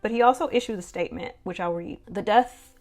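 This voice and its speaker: A woman's voice: medium pitch, quick pace, a little mellow. A woman talking through history in a casual vlog, conversational and rambling with lots of fillers. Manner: conversational, rambling, many "you know" and "um" fillers. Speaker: history vlogger.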